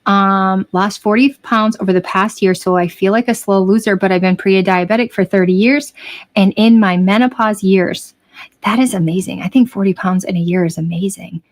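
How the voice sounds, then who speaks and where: A woman's voice: medium pitch, normal speed. A woman chatting casually on a live stream about her weight-loss journey, restless and repeating herself as she talks. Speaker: health vlogger hosting a live stream.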